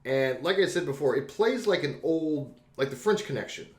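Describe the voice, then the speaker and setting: A man's voice: on the high side, expressive, normal speed. Enthusiastic man in an echoey room. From spent late teens on the East Coast. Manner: enthusiastic, rambling, laughs often. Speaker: podcast co-host. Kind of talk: casual movie discussion.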